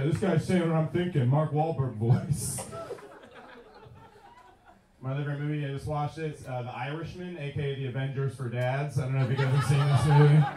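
A man's voice: a little high, background noise. A man around thirty from New York doing a rowdy, swearing, self-mocking stand-up set in a comedy club. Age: 30s. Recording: echoey club, distant mic, crowd.

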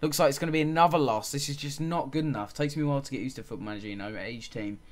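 A man's voice: mid-range voice, rapid-fire. A man giving casual let's-play commentary on a football management game, calling the action play by play and muttering frustrated asides. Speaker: gaming channel host.

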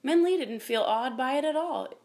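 A woman reading a children's chapter book aloud in a calm, even manner. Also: sits high, normal speed. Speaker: reader. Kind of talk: storybook reading.

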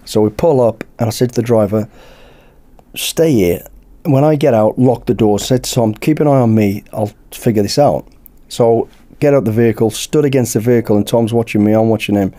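A British man, a podcast guest, telling a lively anecdote in casual chat and acting out the dialogue. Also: medium pitch, fairly quick. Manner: lively anecdote-teller who acts out dialogue. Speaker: podcast guest, former bodyguard.

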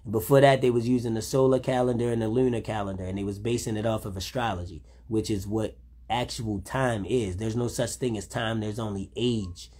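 A man's voice: on the low side, steady tone, fairly quick, warm tone, slightly rough. A man, rambling in a laid-back, casual monologue, often saying "you know what I'm saying". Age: 30s.

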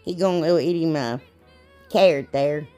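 A woman's voice: sits low, moderate pace, warm tone, soft background music. A woman, chatting casually and rambling a little as she narrates a DIY craft video. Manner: chatty, rambling, laughs at herself.

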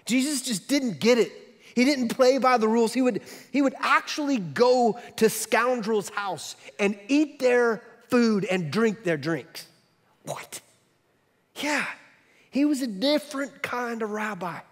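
A man preaching a sermon as pastor, telling a story in an animated way with quick swings from loud to soft. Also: very high-pitched, big-room sound.

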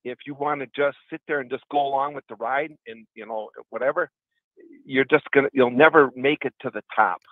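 A man's voice: medium pitch, a little fast, no room sound. A middle-aged man from Wisconsin, a radio caller telling long, earnest stories about his past. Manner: earnest, rambling anecdotes. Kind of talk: call-in radio storytelling. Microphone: phone. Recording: tinny phone line.

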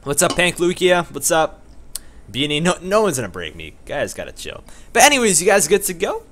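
A man hosting a casual live stream, rattling off upbeat thanks and shout-outs to viewers. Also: on the high side, big pitch swings, brisk, faint music behind. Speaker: streamer host.

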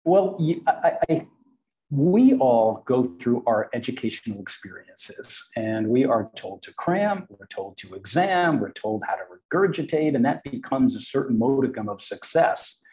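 A man who grew up speaking Portuguese at home, a podcast guest telling stories with animated delivery. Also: mid-range voice, unhurried, poor audio. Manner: animated, acts out quoted voices. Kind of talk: storytelling in an interview.

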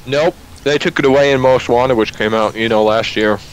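A man's voice: medium pitch, moderate pace, a little hiss or hum, poor audio. A young man chatting casually while playing a co-op shooter, joking and rambling with frequent restarts. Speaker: gameplay commentator. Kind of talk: casual co-op gaming chat. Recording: game music playing under voice.

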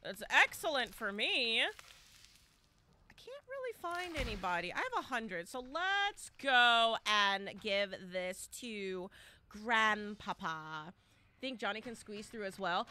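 A woman streaming a game live, her voice very bright and fairly high. She talks in a chatty, excitable way that swoops up and down, and now and then she bursts into loud shouts as the action heats up. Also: unhurried, slight background noise. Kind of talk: live gameplay commentary.

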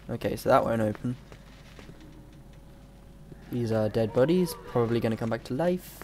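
A man's voice: mid-range voice, expressive, moderate pace, long pauses, a little mellow, a little hiss or hum. A young man, a bit ill, chatting and rambling distractedly as he comments on his gameplay. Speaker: gamer. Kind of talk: let's play commentary.

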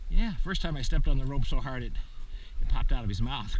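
A man's voice: expressive, fast. A man commenting casually while he trains a young dog outdoors in a field. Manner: shouts high-pitched praise and calls to the dog. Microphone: camera mic, at times far off. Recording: distant outdoor camera audio, faint noise.

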